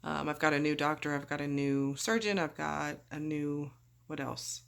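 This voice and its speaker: A woman's voice: low voice, fairly even intonation, moderate pace, vocal fry, smooth. Chatty woman telling a surgery story. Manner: chatty, rambling, acts out quoted voices. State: groggy after surgery. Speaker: vlogger. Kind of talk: casual storytelling.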